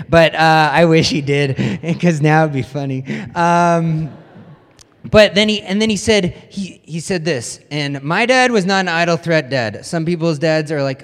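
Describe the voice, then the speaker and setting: A man's voice: a little high, normal speed. A young man giving a casual, self-deprecating sermon as pastor, telling a personal story with lots of fillers and restarts. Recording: long reverb of a hall.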